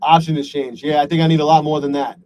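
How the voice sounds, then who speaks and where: A man's voice: on the high side, fairly even intonation, fast, darkish tone, a little hiss or hum, low-quality recording. Frustrated, swearing male trading streamer. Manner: frustrated, self-deprecating, swears a lot. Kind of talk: live stream talking to chat.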